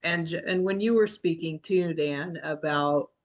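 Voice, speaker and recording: A woman's voice: deep voice, a little slow. A woman in a casual group video call, talking reflectively and rambling, often restarting and quoting herself. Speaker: book club member.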